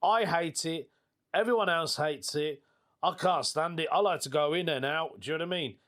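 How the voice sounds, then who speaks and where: A man's voice: fairly high pitch, normal speed, a bit bright. A British man hosting a casual solo podcast, chatty and jokey, laughing often. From United Kingdom. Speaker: podcast host.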